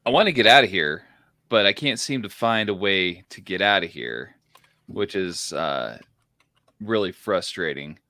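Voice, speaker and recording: Low, bright-voiced unsure male player. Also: animated, a little slow, no room sound. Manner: uncertain, hedging. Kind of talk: casual game chat.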